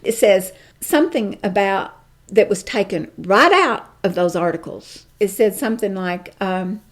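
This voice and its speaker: A middle-aged woman guest telling a personal story in an interview, emphatic and animated, acting out the dialogue. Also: mid-range voice, unhurried.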